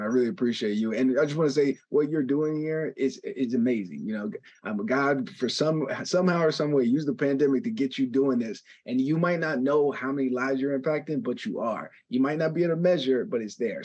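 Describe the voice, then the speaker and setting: Husky man giving calm therapy advice. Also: medium pitch, lo-fi sound. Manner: calm, measured, advising. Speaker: therapist guest. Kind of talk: advice in an interview.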